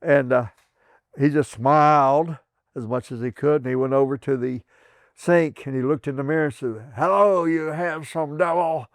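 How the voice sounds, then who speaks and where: A man's voice: fairly even intonation, normal speed, no room sound, studio quality. Older man from southern Indiana recalling memories. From southern Indiana, USA. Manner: rambling, with frequent restarts and chuckles; acts out quoted voices with raised pitch. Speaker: veteran interviewee. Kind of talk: oral history storytelling.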